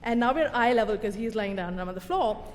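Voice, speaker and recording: A young adult woman telling a personal story live on stage, animated and self-mocking, with a conversational tone and pauses for laughs. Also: on the high side. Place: stage in a venue with a live audience. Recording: reverberant hall, faint room ambience.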